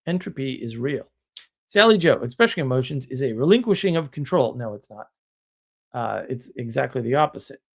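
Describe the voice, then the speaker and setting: A man's voice: medium pitch, very animated, brisk, gravelly. A man hosting a live stream, talking in a casual monologue that rambles with restarts and chuckles, blunt and wry.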